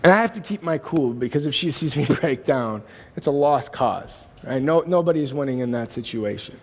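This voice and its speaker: A man's voice: mid-range voice, animated, a little fast. A man preaching a sermon, telling a personal story in an earnest, emphatic way. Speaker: pastor. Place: church auditorium. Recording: long hall reverb.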